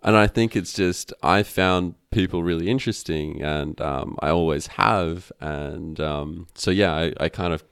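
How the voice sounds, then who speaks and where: A man's voice: deep voice, measured pace, hardly any pauses, fairly bright tone, clear, resonant tone, no room sound. A man, a podcast guest, talking casually and rambling with many fillers and restarts. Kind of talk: casual conversation. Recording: dry close-miked sound.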